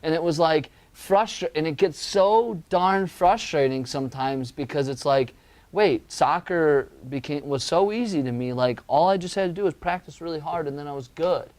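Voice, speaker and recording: A man's voice: on the high side, expressive, normal speed, a little mellow. A young man co-hosting a podcast, talking casually and rambling through thoughts with lots of "like" and laughs. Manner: rambling, many fillers and restarts, laughs easily. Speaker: podcast co-host.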